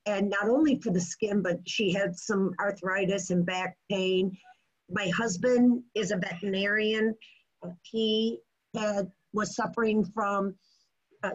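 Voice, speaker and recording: A woman's voice: mid-range voice, muffled recording. A woman sharing a personal testimonial in a chatty way, with many fillers.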